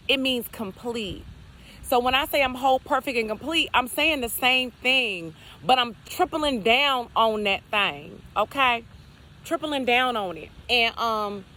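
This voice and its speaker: A woman with a fairly high voice talks outdoors about spirituality. She piles up rhetorical what-if questions and repeats her affirmations in a casual, unhurried way. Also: pushed and bright. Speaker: spiritual content creator. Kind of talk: casual spiritual talk to camera. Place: outdoors, near geese and trees.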